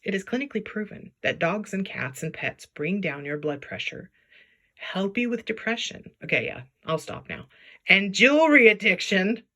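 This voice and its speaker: A woman's voice: medium pitch, animated, normal speed, pushed and bright. A woman chatting casually as she sorts jewelry, playful and talkative, often talking to the pieces in silly voices. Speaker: jewelry reseller vlogger. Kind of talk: casual chat while sorting jewelry.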